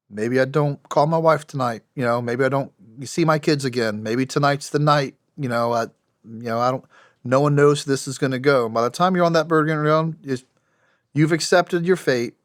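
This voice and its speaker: A former special operations soldier from the United States, in his forties, tells stories as a podcast guest, plainly and wryly, restarting often. His voice is medium in pitch. The sound is clean studio quality with no echo.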